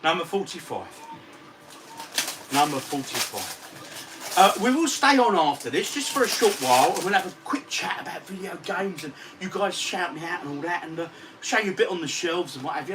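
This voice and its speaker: A man, chatting casually on a livestream from his home games room and reading out viewer comments in a matey way. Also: sits high. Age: 40s. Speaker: retro gaming vlogger. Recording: distant mic with faint ambient noise.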